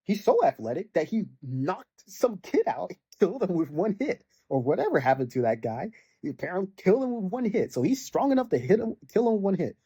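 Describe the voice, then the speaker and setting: A young man rants casually about a video game, rambling with plenty of fillers and mocking the characters in exasperated bursts. His high, warm voice has a breathy edge and big pitch swings, and he talks briskly with no echo.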